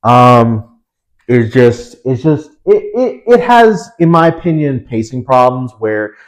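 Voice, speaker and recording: A man's voice: mid-range voice, lively intonation, slow pace. A young man chatting casually as a podcast co-host, rambling with lots of fillers and restarts. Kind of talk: casual chat.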